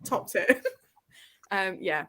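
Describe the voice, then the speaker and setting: A woman's voice: medium pitch, lively intonation, very slow, fairly bright tone. A woman hosting a livestream, chatting casually about books and films and laughing often. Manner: chatty, laughs often, reads out viewer comments. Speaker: livestream host. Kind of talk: casual chat.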